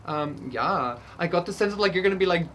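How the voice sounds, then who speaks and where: A woman's voice: on the low side, expressive, brisk, fairly bright tone. A woman giving a casual pick-a-card tarot reading, rambling with lots of fillers and swearing freely. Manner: rambling, profane, lots of fillers, laughs often. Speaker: tarot reader.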